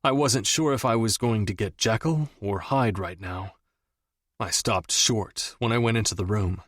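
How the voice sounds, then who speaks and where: A man reading a romance audiobook in the first person, measured and even. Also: lowish voice, no echo, studio quality. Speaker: audiobook narrator.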